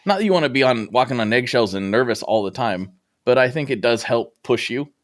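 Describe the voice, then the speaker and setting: A man's voice: medium pitch, animated, a little fast. A middle-aged man hosting a podcast, telling his story reflectively and acting out his own past thoughts. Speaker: podcast host. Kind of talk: casual interview chat.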